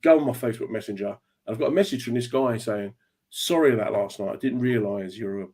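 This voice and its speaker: A man hosts a radio chat and spins a comedy anecdote at a fast clip. He acts out every line of dialogue as he goes. His pitch sits in a middle range for a man. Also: slightly rough. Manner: fast, animated storyteller acting out dialogue. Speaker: radio show host and comedian. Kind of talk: casual chat, telling a stage anecdote.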